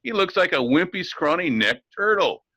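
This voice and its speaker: A man's voice: sits high, big pitch swings, moderate pace, pushed and bright, no room sound, poor audio. A man co-hosting a talk show, ranting in an indignant, sarcastic way with frequent restarts. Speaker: co-host. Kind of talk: ranting talk-radio commentary.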